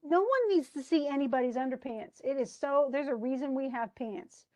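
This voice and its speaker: A woman's voice: high voice, lively intonation, moderate pace, a loud crowd. A woman teaching a literature class, chatting about a play and reading lines aloud with frequent laughs. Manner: chatty, reads quotes aloud, laughs often.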